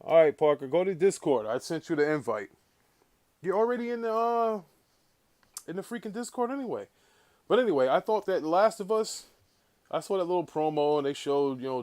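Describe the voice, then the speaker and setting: Streamer host, male, fairly high voice, casual and lively, curses freely, shouts out to chat. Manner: animated, swearing, talks to chat viewers. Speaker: livestream host. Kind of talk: casual livestream talk.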